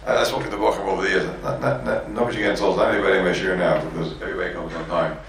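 Gravelly rabbi lecturing in an echoey room. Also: male voice, sits low, fairly even intonation, rapid-fire, a bit bright, recorded from a distance, a little hiss or hum. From Borough Park, New York. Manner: repeats words, mixes Yiddish and Hebrew terms, acts out quotes. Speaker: rabbi teaching a yeshiva class. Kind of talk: Torah lecture to students.

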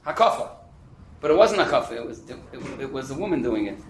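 A man teaching a Talmud class, animated and quick, fielding questions and dropping in Hebrew and Yiddish terms. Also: medium pitch, echoey room, a little hiss or hum, low-quality recording. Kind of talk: interactive class lecture.

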